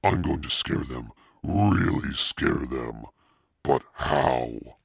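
A man reading aloud and voicing an anxious, stubborn young schoolgirl who turns shrill when scared and bitter when angry. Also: moderate pace, creaky, a bit bright, husky, no echo, clean studio sound, heavily acted. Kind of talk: audiobook reading.

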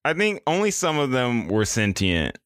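A man's voice: mid-range voice, very animated, normal speed, a bit bright, no echo. A young adult man co-hosting a podcast, joking dryly and rambling through casual chat. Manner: dry joking, rambling explanations. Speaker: podcast co-host.

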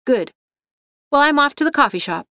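A woman's voice: sits high, expressive, normal speed, bright, forceful tone, no echo, clean studio sound, pitched above the performer's own voice, full character voice. A woman reading the part of a sarcastic, unhelpful female office assistant with a mock-innocent manner.

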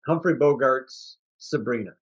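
A man's voice: mid-range voice, a little slow, husky. A man co-hosting a movie review podcast, chatting casually and acting out scenes from the film with laughter. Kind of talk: casual chat.

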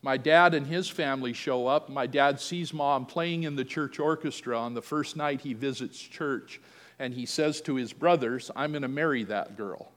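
A man's voice: medium pitch, moderate pace, fairly bright tone, big-room sound. A man preaching a sermon, telling a family story and acting out the quoted voices. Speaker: pastor.

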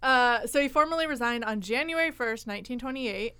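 A woman's voice: on the high side, fairly quick, pushed and bright, clear, resonant tone, no room sound. A woman co-hosting a podcast, telling history in casual chat with frequent laughter. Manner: chatty, laughing often. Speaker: podcast co-host.

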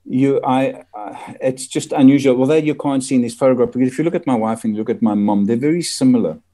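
Older man with a mellow voice. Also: mid-range voice, quick pace. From Belgian Congo. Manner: rambling anecdotes with frequent murmured agreement. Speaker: guest. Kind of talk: casual storytelling interview.

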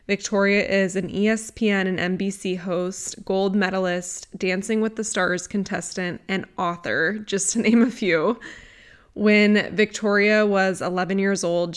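A woman's voice: mid-range voice, clear, resonant tone. A woman podcast host introducing her guest with effusive enthusiasm and speaking directly to her listeners.

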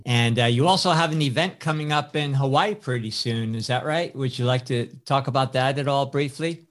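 A man's voice: medium pitch, moderate pace. Man co-hosting a podcast. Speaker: podcast co-host. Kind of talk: casual chat.

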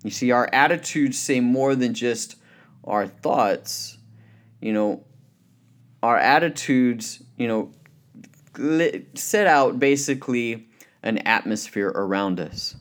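A man's voice: mid-range voice, takes it slowly. A man giving a motivational Christian talk, earnest and conversational, with many "you know" fillers and anecdotes. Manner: tells anecdotes with lively acted quotes. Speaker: speaker.

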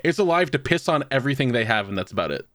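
A man's voice: mid-range voice, big pitch swings, very fast, fairly bright tone, no room sound, clean studio sound. A young man chatting casually, telling rambling, profane stories with bursts of laughter. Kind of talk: casual chat.

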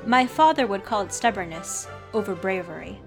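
A woman's voice: mid-range voice, expressive, moderate pace, gravelly, over music. A woman reading a prim Regency lady. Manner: formal, prim, a touch stubborn. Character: spirited young Regency lady.

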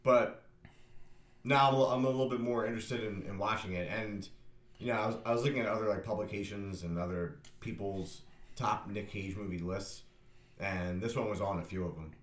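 A man co-hosting a podcast, chatting casually in measured responses. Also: fairly low pitch, reverberant. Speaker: podcast co-host. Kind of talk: casual chat.

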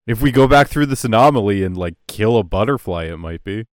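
A man's voice: on the low side, animated, fairly quick, no echo. Dry-joking male co-host, close mic. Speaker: podcast co-host. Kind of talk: casual chat.

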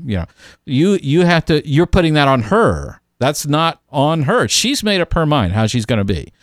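A man's voice: a little high, sing-song, normal speed, dry recording, studio quality. A man co-hosting a podcast, giving emphatic advice in casual chat, with frequent restarts and fillers.

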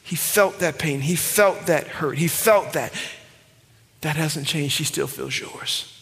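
A man preaching in a church with a slightly high voice, pushing hard on emphatic lines and then dropping to near-whispers. His words ring out with a long hall reverb behind them. He works the room like a pastor. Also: slow, creaky, faint music behind. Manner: swings between loud emphatic cries and hushed whispers. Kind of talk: sermon. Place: church sanctuary.

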